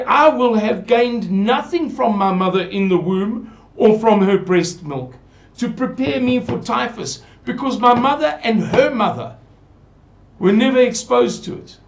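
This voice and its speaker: A man giving an earnest, pleading, rambling monologue to his viewers. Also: high-pitched. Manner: pleading, repetitive, digressive. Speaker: channel presenter.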